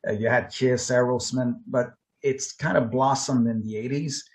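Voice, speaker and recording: A man's voice: medium pitch, steady tone, moderate pace. A man in his fifties, a panel guest on a podcast, talking casually and candidly and sharing personal stories. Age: 50s.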